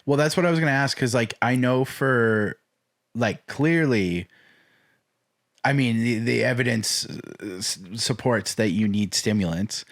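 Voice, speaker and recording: A man's voice: mid-range voice, unhurried, no room sound, studio quality. A man hosting a casual podcast, blunt and laid-back, swearing easily as he chats. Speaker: podcast host.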